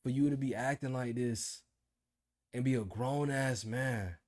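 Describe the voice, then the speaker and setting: A man's voice: mid-range voice, measured pace. Slangy man in his twenties ranting. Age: 20s. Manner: animated storytelling with slang. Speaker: vlogger. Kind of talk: casual video diary rant.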